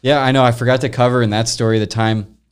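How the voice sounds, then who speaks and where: A young man hosting a podcast, casually telling a long story, rambling and animated, with frequent swearing. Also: mid-range voice, quick pace, clean tone. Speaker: podcast host.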